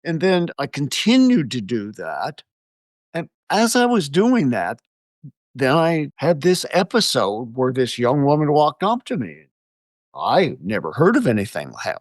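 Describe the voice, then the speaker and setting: Older man telling lively stories. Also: mid-range voice, dry recording, clean studio sound. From United States. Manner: animated storyteller, chuckles often. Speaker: guest, exorcist. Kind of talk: storytelling interview answers.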